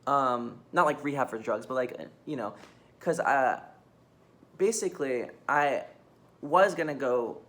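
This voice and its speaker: A woman's voice: a bass voice, measured pace, fairly bright tone. A young woman talking candidly into her phone camera in a mostly empty room, rambling with restarts, swearing and nervous laughs. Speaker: vlogger. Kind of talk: candid personal confession.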